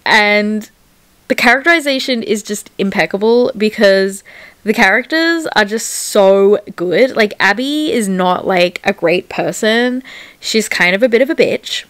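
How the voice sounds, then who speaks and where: A woman's voice: mid-range voice, a little slow, fairly bright tone, no room sound. A young woman chatting casually in a reading vlog, gushing about a book with lots of filler words. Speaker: book vlogger.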